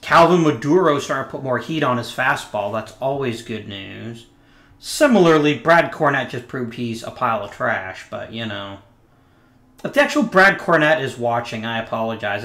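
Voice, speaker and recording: A man's voice: medium pitch, a bit bright, roomy sound. A man hosting a casual let's play, giving wry commentary with muttered asides to himself.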